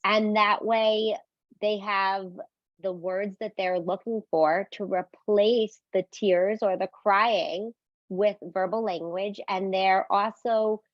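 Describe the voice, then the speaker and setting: A woman explaining parenting skills in an instructional talk, calm and clear, often checking in with a quick "right?". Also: mid-range voice, no echo. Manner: explains calmly, asks "right?", acts out sample phrases for parents. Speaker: parenting educator. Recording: dry, slightly dull and lo-fi.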